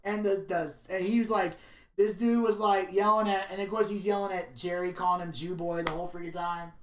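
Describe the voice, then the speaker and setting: A man co-hosting a podcast, chatting casually and telling stories in an animated, opinionated way. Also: high-pitched, fairly quick, reverberant, a little hiss or hum. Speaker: podcast co-host. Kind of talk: casual podcast review chat.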